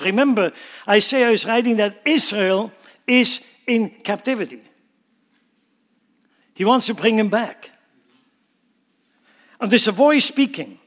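A man's voice: sits high, expressive, a little slow, long pauses, fairly bright tone. A man preaching a sermon, emphatically explaining scripture line by line. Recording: long hall reverb.

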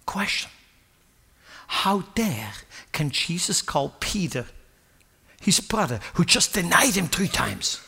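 Pastor, male, high voice; dynamic sermon delivery, emphatic peaks and whispered asides, questions to the congregation. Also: sing-song, slow pace, gravelly, pauses often, slightly rough. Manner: swings from loud emphatic bursts to hushed whispers.

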